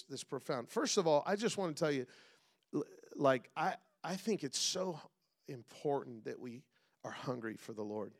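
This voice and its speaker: A middle-aged man preaching a sermon as pastor, calling out to the congregation and swinging between loud and hushed delivery. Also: fairly high pitch.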